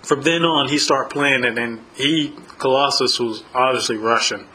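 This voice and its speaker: A man's voice: mid-range voice, moderate pace, bright, forceful tone, low-quality recording. A man telling stories in casual chat as a podcast co-host, laughing often as he talks.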